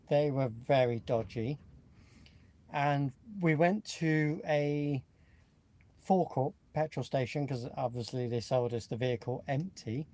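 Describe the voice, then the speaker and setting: A chatty man from Nottingham co-hosts a casual livestream. His voice is mellow and relaxed, and he rambles easily from story to story. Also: fairly high pitch. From England (Nottingham). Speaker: co-host.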